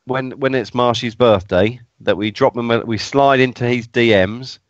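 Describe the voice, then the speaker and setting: A man's voice: medium pitch, fairly even intonation, moderate pace, no room sound. A man co-hosting a casual football podcast, hesitant and repeating his words as he talks. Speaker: podcast co-host. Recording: dry, dull lo-fi sound.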